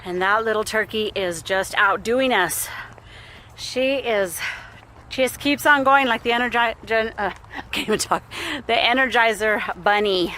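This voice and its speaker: A woman's voice: medium pitch, unhurried, sharp tone, a little hiss or hum, rough recording. A young woman vlogging a family walk on an outdoor trail, chatty and laughing, a bit out of breath. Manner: chatty, laughing often, cooing at her toddler. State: out of breath from walking. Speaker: vlogger mom. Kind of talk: casual family vlog narration.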